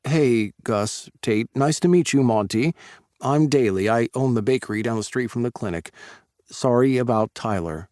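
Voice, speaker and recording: A man's voice: medium pitch, normal speed, a little mellow, no echo, clean studio sound, natural voice. A man voicing a harried, apologetic baker who sounds a bit worn out. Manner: apologetic, weary.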